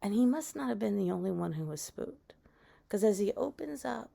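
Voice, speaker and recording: A young adult woman telling a spooky story in a casual, chatty way, sinking to a hushed whisper at the scary parts. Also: mid-range voice, expressive, moderate pace, creaky. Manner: conversational, with fillers, dropping to a whisper at tense moments.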